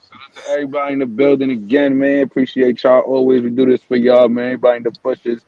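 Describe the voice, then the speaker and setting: A man's voice: mid-range voice, flat delivery, fast talker, no echo, narrow, tinny audio. A man hosting a casual live-stream morning show, ranting heatedly and swearing often. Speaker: host.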